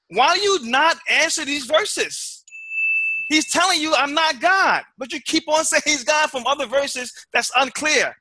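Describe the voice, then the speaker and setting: A man's voice: very high-pitched, lively intonation, a little slow, pushed and bright. A man giving a timed debate rebuttal, emphatic and full of rhetorical questions, often repeating words as he presses his point.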